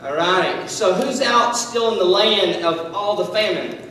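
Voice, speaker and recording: A student speaker with a high voice tells a Bible story as a laid-back, chatty, animated sermon, full of "like" and restarts, at a measured pace. He sounds far off in a large hall, with long echoing reverb and a faint hum underneath.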